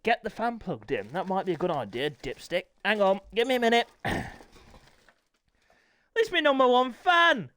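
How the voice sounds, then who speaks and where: A man hosting a live stream, commentating sim motorbike racing and chatting with viewers, often clearing his throat. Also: sits high, big pitch swings, moderate pace, sharp tone, no room sound.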